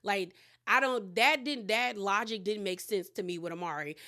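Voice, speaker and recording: A woman's voice: mid-range voice, normal speed. Chatty woman recapping reality TV. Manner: chatty, animated retelling with quoted voices. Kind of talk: casual episode recap.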